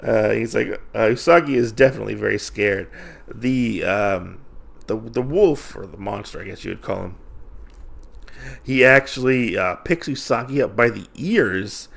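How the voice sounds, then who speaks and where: Gravelly man rambling through a comic recap. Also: fairly low pitch, moderate pace, a bit bright. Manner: rambling, heavy on fillers and restarts. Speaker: podcast host. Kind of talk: casual comic book recap.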